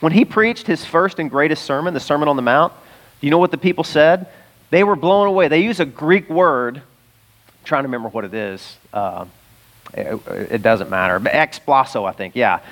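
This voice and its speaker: A pastor preaching a sermon in a conversational, emphatic way, sometimes laughing mid-sentence. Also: male voice, fairly high pitch, moderate pace, a bit bright.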